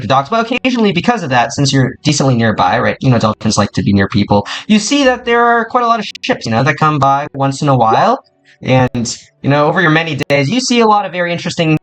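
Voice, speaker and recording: A young man running a tabletop game, his voice lively and fairly high for a man. He rambles along with many fillers while faint music plays underneath. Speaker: game master.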